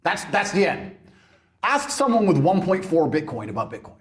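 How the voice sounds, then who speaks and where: A man in a heated interview, ranting in a brash, mocking way, swinging between loud outbursts and low mutters. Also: very animated, normal speed, vocal fry. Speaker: interview guest. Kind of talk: heated rant.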